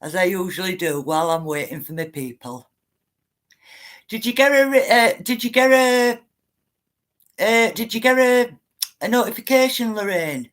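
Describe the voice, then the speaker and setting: A woman's voice: mid-range voice, moderate pace, pauses often. A woman, chatting live to viewers, greeting them by name and ranting now and then. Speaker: livestream host. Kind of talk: casual livestream chat.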